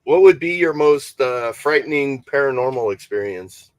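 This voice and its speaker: A man co-hosting a podcast, sharing his own story in a hesitant way with many pauses. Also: mid-range voice, animated, no room sound. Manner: hesitant, lots of uh and restarts. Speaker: podcast co-host. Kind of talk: casual chat.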